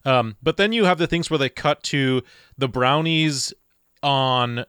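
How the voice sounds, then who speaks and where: A man's voice: medium pitch, a little slow, a bit bright, clear, resonant tone, dry recording, clean studio sound. A man chatting casually on a podcast about a movie, explaining things thoughtfully. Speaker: podcast co-host. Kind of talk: casual movie review chat.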